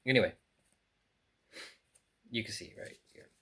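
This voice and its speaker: A man's voice: unhurried, a bit bright, a little hiss or hum. Man rambling through a book unboxing. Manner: rambling, thinking aloud with fillers and restarts. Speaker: book collector. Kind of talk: casual unboxing vlog. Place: in France.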